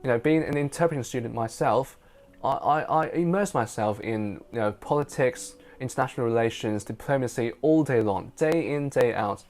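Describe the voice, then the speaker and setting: A man's voice: medium pitch, moderate pace, a little mellow, faint music behind. A man whose first language is Chinese, an interpreter, telling a personal story in casual English for learners. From China. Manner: casual, chatty.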